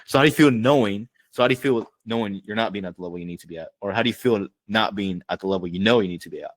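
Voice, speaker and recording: A man talks fast and loose as a sales coach on a video call, with a slightly low voice. His speech is slangy and profane, stuffed with "like" and "bro." The sound is dry and close. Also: dry recording. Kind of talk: casual online training call.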